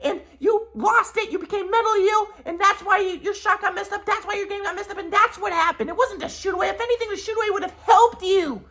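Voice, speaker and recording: A man imitating his mother as a shrill, scornful woman who laughs and shouts while dismissing him. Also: quick pace, few pauses. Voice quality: high, loud, laughing and shouting. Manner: scornful, lecturing, repeats herself.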